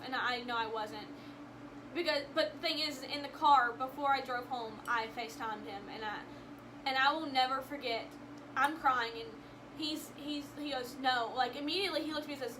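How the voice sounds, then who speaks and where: A woman's voice: high voice, noisy background. A young woman vlogger telling a personal story to camera in an emotional, rambling way, with frequent restarts.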